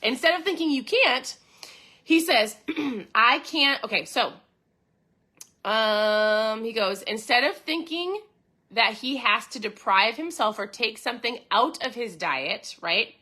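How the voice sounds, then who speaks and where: A woman's voice: fairly high pitch, expressive, slow pace, sharp tone. A woman hosting a podcast in a casual, enthusiastic talk, speaking straight to her listeners and reading passages from a book. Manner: chatty, enthusiastic, addresses listeners directly. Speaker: podcast host.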